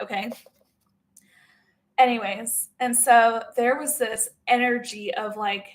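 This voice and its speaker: Self-help woman ranting to camera, cusses a lot, kinda high voice, keeps saying like and okay. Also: steady tone, slow, long pauses. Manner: blunt, heavily profane, emphatic; loose, run-on with frequent "like" and "okay?". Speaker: spiritual self-help creator. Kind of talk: emotional personal monologue to camera.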